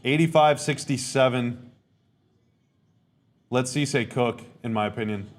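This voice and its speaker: A man's voice: mid-range voice, unhurried. A man hosting a podcast, giving casual live reactions to a game, rambling, repeating himself and stating blunt opinions. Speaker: podcast host.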